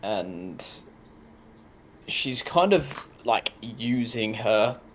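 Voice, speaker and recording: A man narrating a tabletop game as game master, relaxed and often pausing with ums. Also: lowish voice, a little hiss or hum.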